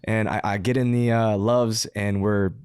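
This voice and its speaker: A man telling a story as a podcast guest, in a casual, animated way, swearing and laughing as he talks. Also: lowish voice, measured pace, clear, resonant tone, no echo, studio quality. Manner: animated, profane, laughs mid-sentence.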